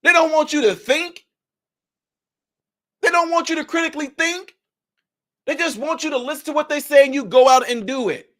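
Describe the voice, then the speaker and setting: Brief: high-pitched male vlogger, heated ranting commentary, preachy. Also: moderate pace, long pauses. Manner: heated, preachy, rising to shouts.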